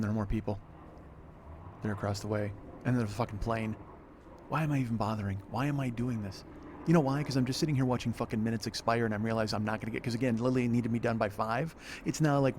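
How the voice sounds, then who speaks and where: Man, podcast host, rapid rambling rant, swearing, outdoors by a pool on a portable recorder. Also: mid-range voice, a little mellow. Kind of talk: solo podcast monologue. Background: wind and planes overhead.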